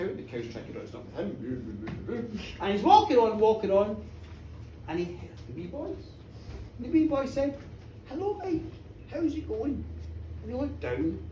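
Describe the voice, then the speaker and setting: A woman telling a folk tale live, animated, dramatic and playful. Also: on the low side, slight background noise. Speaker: storyteller. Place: pub, indoors. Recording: echoey pub room, distant mic, faint ambience.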